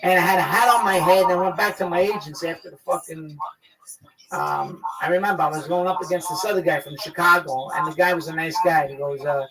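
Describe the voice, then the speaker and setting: A man with a New York accent telling a profane story as a guest, loud and excitable, acting out the quotes. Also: high voice, a little fast. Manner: loud, excitable, swears a lot, acts out quotes. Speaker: guest actor. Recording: distant mic, noisy crowd behind.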